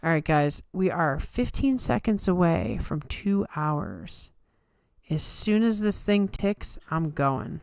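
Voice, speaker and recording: A woman's voice: on the low side, lively intonation, slow pace, darkish tone, clear, resonant tone, dry recording, studio quality. A tired woman hosting a livestream, chatting casually and answering comments from her viewers. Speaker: livestream host.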